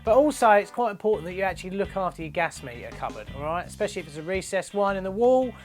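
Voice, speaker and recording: A man's voice: sits high, very animated, fast, a little mellow, faint music behind. A man hosting a plumbing show, chatting casually and jokily about viewers' photos. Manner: jokey, chatty, laughs often. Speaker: host of a plumbing channel.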